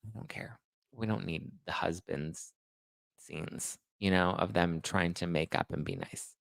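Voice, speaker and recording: A man's voice: deep voice, a little slow, vocal fry, dry recording. A man hosting a pop culture live show, chatting casually to his viewers with sarcastic asides. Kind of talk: casual live-chat commentary.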